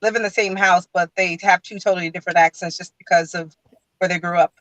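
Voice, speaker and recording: A woman actor in a casual production meeting over a video call, asking questions in a curious, lively way. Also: fairly low pitch, fast talker, no room sound, rough recording.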